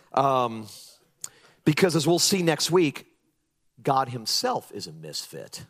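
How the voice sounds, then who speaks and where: A male pastor preaching a lively sermon, throwing his voice into mocking impressions of critics and pressing his points with emphasis. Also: mid-range voice, slow.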